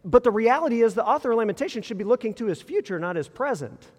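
A man preaching a sermon in a casual, conversational way, full of rhetorical questions and quick restarts. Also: extremely high pitch, lively intonation, a little mellow. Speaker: pastor. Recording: long reverb in a large hall.

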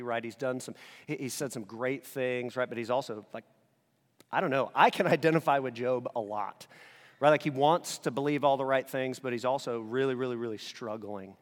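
A male pastor preaching a sermon in a conversational, animated way, alternating between loud emphasis and quiet, intense passages. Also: mid-range voice, normal speed, big-room sound. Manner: casual conversational asides.

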